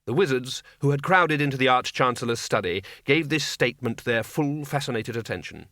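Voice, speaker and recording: A man's voice: medium pitch, animated, brisk, hardly any pauses, bright, forceful tone, dry recording. A man narrating a comic fantasy audiobook in a dry, wry storytelling manner on a close studio mic. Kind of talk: scripted narration.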